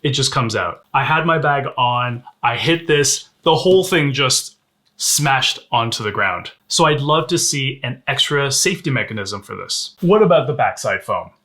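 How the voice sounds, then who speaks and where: A man's voice: mid-range voice, lively intonation, moderate pace, pushed and bright. A man reviewing a sling bag in a casual, candid way, showing its features as he talks. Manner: conversational, candid, demonstrating gear on camera. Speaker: gear reviewer.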